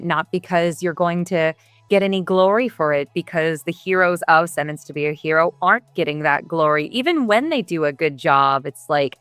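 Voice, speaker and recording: A woman's voice: low voice, moderate pace, clear, resonant tone, dry recording, soft background music. A woman voice actor answering interview questions in a thoughtful, hesitant way, with many fillers and restarts. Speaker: voice actor guest.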